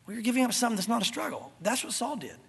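A man's voice: very high-pitched, sing-song, racing, creaky, a bit bright, husky, long reverb tail. A man preaching an expository sermon, explaining scripture and acting out the biblical characters as he goes. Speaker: pastor.

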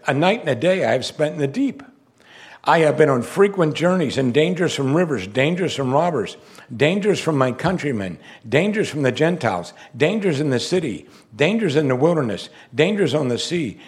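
A man preaching a sermon who reads scripture aloud and presses his listeners with emphatic rhetorical questions. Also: mid-range voice.

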